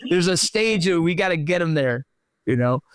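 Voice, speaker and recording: A middle-aged man hosting a podcast, chatty and animated when he tells stories. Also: a little high, moderate pace, clear, resonant tone, no room sound, studio quality. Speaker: podcast host. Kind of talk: conversational interview.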